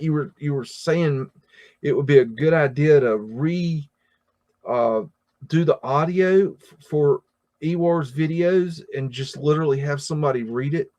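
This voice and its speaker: A slightly high, slightly slow and mellow male voice belongs to an American livestream host working through chat comments. He's casual and rambling, often restarting and using fillers.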